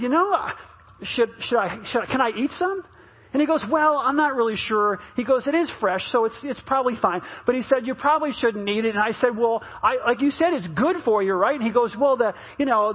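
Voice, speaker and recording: Husky high-voiced man pastor preaching. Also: dull audio. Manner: chatty storytelling with many restarts, rising and louder at the punchlines. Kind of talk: sermon with storytelling.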